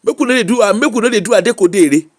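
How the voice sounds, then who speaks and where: A man with a Nigerian accent giving an animated, mocking live-stream rant in Pidgin English. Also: high-pitched, very fast, slightly rough. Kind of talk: ranting live-stream monologue.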